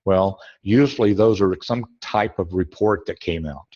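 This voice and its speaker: A man's voice: sits low, moderate pace, darkish tone. Rambling man teaching trading, muffled audio. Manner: rambling, self-correcting, thinking aloud. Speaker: trading webinar instructor. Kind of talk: screen-share trading tutorial.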